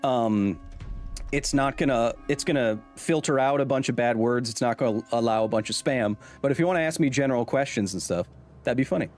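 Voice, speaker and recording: A man chatting casually on a live stream, rambling and cutting himself off, quick to laugh. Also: medium pitch, a little mellow, faint music behind.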